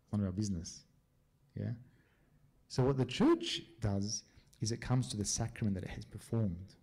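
A man's voice: fairly low pitch, mellow, husky. A man, a priest, answering questions from a church group in a casual, chatty way, telling stories and often checking in with his listeners. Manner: chatty storyteller, often checks in with a quick "yeah?".

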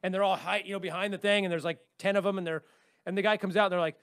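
A man co-hosting a podcast, telling stories at a quick clip and acting out the people in them. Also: high-pitched, a bit bright, no echo, studio quality. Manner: fast storytelling, acts out the people in his stories. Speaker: podcast co-host. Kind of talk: casual podcast chat.

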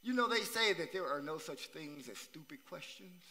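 A male pastor with a high, very bright, ringing voice delivers a sermon. He circles back to phrases for emphasis and calls out questions to the congregation. His voice trails off into a long church reverb. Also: animated, normal speed. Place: church sanctuary.

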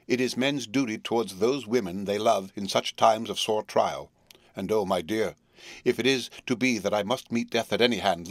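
A man's voice: on the low side, no room sound, lightly acted. A man voicing a devoted young wife who faces death, earnest, tender and pleading, in a storybook reading.

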